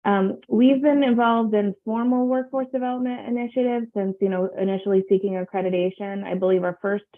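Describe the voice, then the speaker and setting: Lady chairing a board meeting, gravelly voice, tinny phone-ish sound, lots of ums. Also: medium pitch, fairly even intonation. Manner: measured, with frequent fillers.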